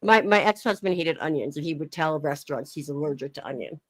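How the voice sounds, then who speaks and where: A woman's voice: sits low, fast talker, dry recording. A woman co-hosting a game stream, chatting playfully and giggling as she sounds out words. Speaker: stream co-host. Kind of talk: casual chat while streaming a game.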